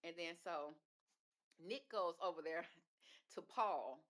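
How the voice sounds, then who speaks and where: A woman's voice: fairly low pitch, slow pace, a bit bright. A woman reviewing a reality show in casual, gossipy talk, with sassy asides and calling listeners baby and girl. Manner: sassy asides ending in "okay?". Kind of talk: casual video commentary.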